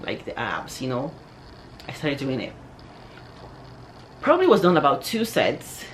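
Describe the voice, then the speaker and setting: A young adult woman vlogger telling a personal story in an animated, chatty way, peppered with "like" and "yo.". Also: extremely low pitch, a little hiss or hum. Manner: animated, chatty, heavy use of "like" and "yo". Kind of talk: casual storytelling to camera.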